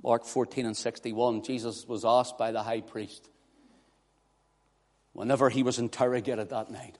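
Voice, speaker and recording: A man preaching a sermon, swinging from hushed, quiet passages to loud, impassioned declarations. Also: mid-range voice, fairly even intonation, normal speed. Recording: long hall reverb.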